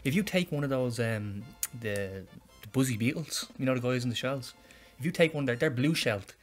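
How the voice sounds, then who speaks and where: A man's voice: mid-range voice, animated, fairly quick, soft background music. A young Irish man chatting casually while playing a video game with a friend. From Ireland. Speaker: let's-play host. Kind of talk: casual gameplay chat.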